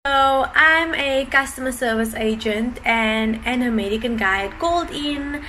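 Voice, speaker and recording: A South African woman recounting a work story in a plain, matter-of-fact tone. Her voice is bright and slightly higher than average. There is a faint hiss of ambience behind her. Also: measured pace. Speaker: customer service agent. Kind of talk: storytelling to camera.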